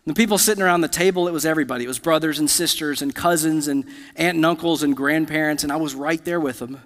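A man's voice: a little high, fast, fairly bright tone. A man in his thirties, a pastor from the United States, preaching a conversational sermon to a church congregation and telling personal stories with asides to the room. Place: church sanctuary. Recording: long hall reverb.

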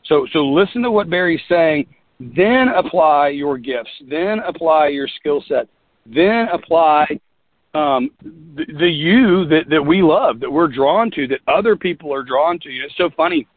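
A man's voice: fairly high pitch, lively intonation, normal speed, dry recording. A man giving a motivational team talk as a business leader, folksy, earnest and repetitive. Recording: tinny phone-like line.

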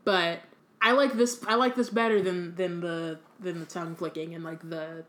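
A young woman co-hosting a podcast, reading aloud and then chatting casually, full of "like" and quick restarts. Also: on the low side, steady tone, fairly bright tone. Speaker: podcast co-host.

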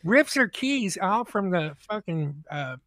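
A man's voice: high voice, big pitch swings, slow pace, crowd noise. A man on a podcast, telling a rambling, profane story in casual chat, full of restarts.

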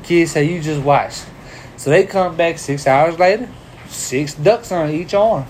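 A man's voice: fairly high pitch, a little slow, a little hiss or hum. A man hosting a casual podcast, teasing his co-hosts and telling jokes in a loose, profane way. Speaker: podcast host.

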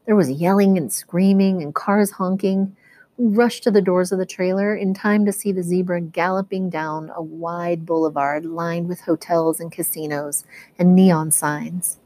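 A woman teacher reading a novel chapter aloud in a steady, expressive storytelling manner. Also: lowish voice, a little slow, no echo.

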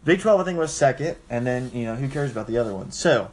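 A man's voice: mid-range voice, expressive, fast. A man co-hosting a casual sports podcast, teasing and joking as he talks over the others. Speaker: podcast co-host.

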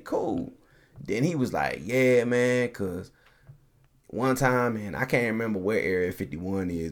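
A man hosting a podcast, telling a long story in a relaxed, animated way, acting out the people he quotes and laughing often. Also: lowish voice. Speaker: podcast host. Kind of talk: casual storytelling.

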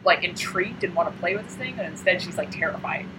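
A woman's voice: on the low side, a little fast, noisy background. A woman in casual chat, retelling a comic with lots of fillers and acting out the characters' lines. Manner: animated storyteller acting out scenes. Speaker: co-host discussing a comic.

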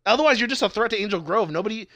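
A man's voice: sits high, expressive, rapid-fire, bright, forceful tone, no room sound. A man in casual, heavily profane chat, laughing as he reads out his notes. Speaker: podcast co-host.

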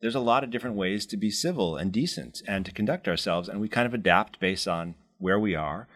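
A man in a casual chat, talking in a measured, thoughtful way and gently pushing back. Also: lowish voice. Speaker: co-host.

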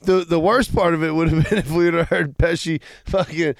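A man co-hosting a podcast, chiming in with quick laughing comments. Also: fairly high pitch, steady tone, vocal fry, no room sound, clean studio sound. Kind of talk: casual chat.

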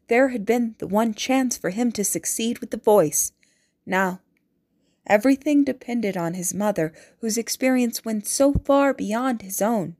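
A woman reading a novel aloud as audiobook narrator, in a measured, deliberate way. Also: mid-range voice, darkish tone.

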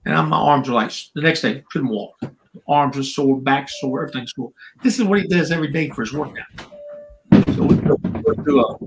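Older guy guest on a podcast, gravelly voice, laughs a lot, does the voices in his stories. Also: medium pitch, a little hiss or hum, poor audio. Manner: chatty, laughs often, acts out quotes. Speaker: guest, former wrestler and referee. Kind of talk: casual interview storytelling.

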